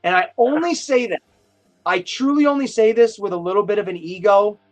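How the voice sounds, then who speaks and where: A man with a notably high voice hosts a casual live stream and rambles through his stories with eager excitement. Faint music plays underneath him. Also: fairly quick. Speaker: host of a toy chat live stream. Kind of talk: casual chat.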